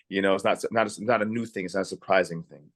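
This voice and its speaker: A man's voice: sits low, quick pace, no room sound. A young adult man telling stories in a casual interview, chatty with lots of restarts. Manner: relaxed and chatty, frequent "like" and restarts. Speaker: actor, interview guest.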